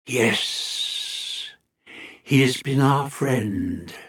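Man voicing a soft, hissing little alien. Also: mid-range voice, animated, exaggerated voice. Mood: quiet wary. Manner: soft, slow, hushed. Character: small silvery alien creature, quiet and hissing.

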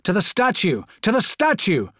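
A man's voice: high-pitched, huge pitch swings, moderate pace, a bit bright, husky, no echo, studio quality, pitched above the performer's own voice, heavily acted. A man voicing an armored male warrior commander who roars orders in the heat of battle. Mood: bellowing.

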